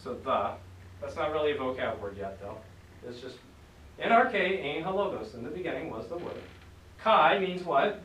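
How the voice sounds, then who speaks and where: A man teaching a class, upbeat, with a slightly high voice. He drills his students with call and response. He is recorded from across an echoey classroom, with faint noise in the background. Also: sing-song, moderate pace, fairly bright tone, far from the mic. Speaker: Greek teacher. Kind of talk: classroom lesson.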